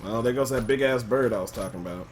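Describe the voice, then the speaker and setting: A man giving gameplay commentary, thinking aloud and loudly trash-talking enemies with plenty of swearing. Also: mid-range voice, fast, slight background noise. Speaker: let's play commentator.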